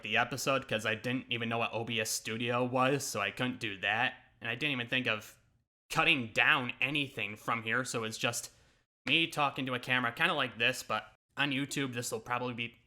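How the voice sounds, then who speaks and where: A man's voice: mid-range voice, pushed and bright. A man YouTuber reacting to his own old videos in casual, self-mocking commentary, laughing often and swearing.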